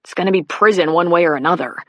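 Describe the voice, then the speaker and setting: A woman's voice: quick pace, fairly bright tone, no echo. A woman voicing a sulky teenage boy who whines and pleads in a raised voice. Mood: sulky whining. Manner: whiny, higher pleading voice.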